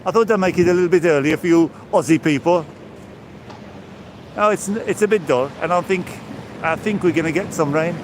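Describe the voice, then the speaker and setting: A man's voice: a little high, a little fast, slight background noise. A man in his sixties from England, live-streaming as he walks along a seaside promenade, chatting and greeting his viewers by name. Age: 60s. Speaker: vlogger live-streaming a walk. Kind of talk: casual chat to live viewers. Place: outdoors on a seaside promenade, walking.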